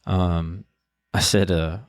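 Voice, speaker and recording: A low-pitched man in his thirties tells a story on his podcast in a relaxed, halting way, full of restarts and fillers. His voice has a gravelly edge, and the recording is dry and close. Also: dry recording. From Texas. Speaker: podcast host. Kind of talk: casual storytelling monologue.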